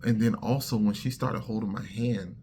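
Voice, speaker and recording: A man sharing his personal faith testimony as a lively story, talking straight to his listeners and acting out the lines of the people in it. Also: fairly low pitch, moderate pace, a little hiss or hum. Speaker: testimony speaker.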